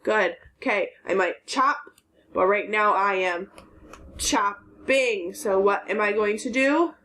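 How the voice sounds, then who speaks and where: Slow and fairly bright, this medium-pitched woman's voice leads a recorded phonics lesson for young children. She is a teacher, patiently breaking words into syllables.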